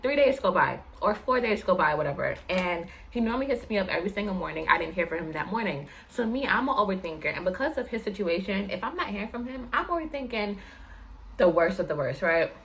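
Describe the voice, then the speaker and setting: A woman in her twenties in casual storytime chat to camera, animated, jumping in pitch and talking straight to her viewers. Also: fairly quick, a little hiss or hum. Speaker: vlogger telling a personal story.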